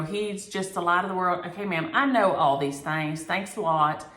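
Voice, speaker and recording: Woman, vlog host, lowish voice, animated storyteller, echoey room. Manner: animated, exasperated storytelling with Southern turns of phrase. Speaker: flosstube host.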